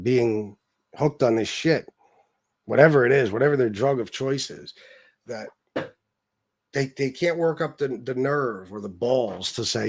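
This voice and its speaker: A man's voice: medium pitch, no echo, studio quality. Profane ranting New man. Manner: blunt, profane, rambling, heavy swearing. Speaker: livestream host. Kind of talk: casual livestream rant.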